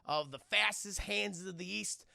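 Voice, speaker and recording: A man streaming a casual film review to a live chat. He retells scenes in a profane, animated way. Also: high-pitched, normal speed, gravelly, dry recording, studio quality.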